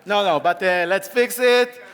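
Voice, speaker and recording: A man's voice: high-pitched, unhurried, fairly bright tone. A man giving a live coding talk on stage, playful and laughing often as he directs volunteers. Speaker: conference speaker. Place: conference stage. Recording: echoey conference hall with audience.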